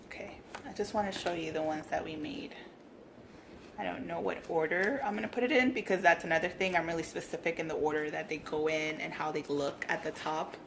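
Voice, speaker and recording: A woman vlogging a casual craft tutorial, gushing and bubbly, at times dropping to soft whispers. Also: fairly low pitch, normal speed, vocal fry, slight background noise.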